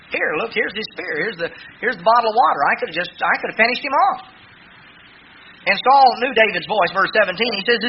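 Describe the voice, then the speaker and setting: A man's voice: high voice, animated, a little fast, highs cut off, slight background noise. A man preaching a sermon, retelling scripture in a casual, conversational paraphrase.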